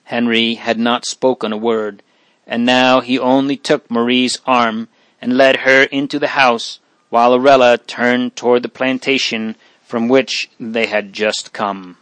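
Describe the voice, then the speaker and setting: Man, audiobook narrator, steady reading, small slips, dry close sound. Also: mid-range voice, unhurried, no room sound.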